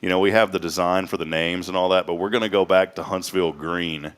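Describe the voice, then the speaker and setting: A man's voice: low-pitched, fairly even intonation, fast talker, clean tone. A man hosting a local morning show, talking in a folksy, rambling way with lots of fillers. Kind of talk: casual morning show chat. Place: small studio.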